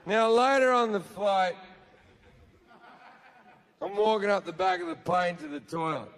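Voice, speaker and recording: An Australian man performing profane stand-up comedy, telling stories loudly on a big theatre stage. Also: high voice, unhurried, big-room sound. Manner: loud, profane storytelling with frequent shouting.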